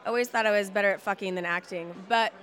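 A woman's voice: medium pitch, quick pace, a bit bright. A woman being interviewed as a guest, upbeat and bubbly, laughing between her answers. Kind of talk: casual interview chat.

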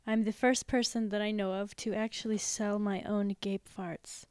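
A woman's voice: mid-range voice, level tone, moderate pace, darkish tone, clean tone, dry recording. A woman guesting on a crude podcast, frank and matter-of-fact with frequent giggles. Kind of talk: casual crude podcast chat.

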